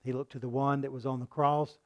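A man preaching a sermon in a folksy style, often asking his listeners "right?" and loudly acting out the voices of a mocking crowd. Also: medium pitch, a little fast. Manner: animated, acts out mocking crowds in loud voices.

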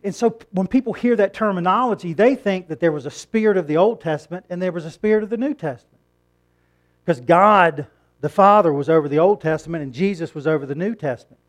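A middle-aged male pastor delivering a Sunday sermon, talking in a relaxed, conversational way. His voice sits a little higher than most men's, and he pushes it up and louder when he drives a point home. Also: fast. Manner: conversational preaching, rising emphatic on key points.

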